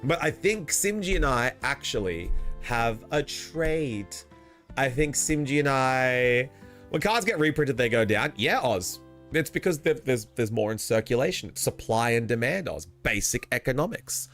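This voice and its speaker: A man's voice: mid-range voice, animated, unhurried, a bit bright, faint music behind. A young man streaming live, chatting casually with his viewers, joking, laughing a lot and swearing freely.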